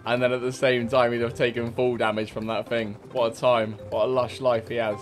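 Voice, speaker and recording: A man's voice: medium pitch, level tone, brisk, soft background music. A young man giving cheeky, swear-filled gameplay commentary and mocking other players. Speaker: gaming streamer.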